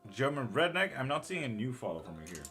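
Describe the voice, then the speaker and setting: During a casual live-stream tarot reading, this middle-aged man, who also teaches witchcraft, reads chat messages aloud and quietly swears to himself. He speaks quickly in a mid-range voice that's bright, forceful, and sing-song, with faint music behind him.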